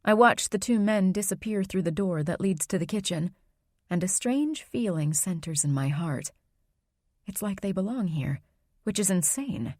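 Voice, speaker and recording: A woman reading a first-person audiobook in an even, measured narration. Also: medium pitch, no room sound, studio quality.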